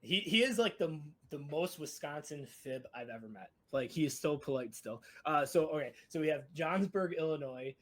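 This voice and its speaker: A man hosting a casual racing podcast, excitable, laughing often and stumbling over his words. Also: on the high side, moderate pace, few pauses. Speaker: podcast host.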